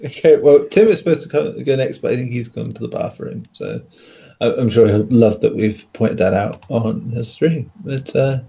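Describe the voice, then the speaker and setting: A man's voice: medium pitch, moderate pace, creaky, warm tone. A man hosting a casual podcast debate, chairing with frequent laughs and hesitant fillers. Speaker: debate host. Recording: muffled lo-fi stream audio.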